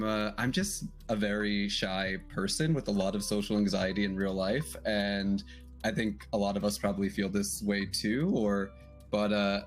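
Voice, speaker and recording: A man with a lowish voice speaks hesitantly in a casual panel chat, restarting often. He sounds soft-spoken and self-deprecating. His voice comes through a video call. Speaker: streamer and podcast guest.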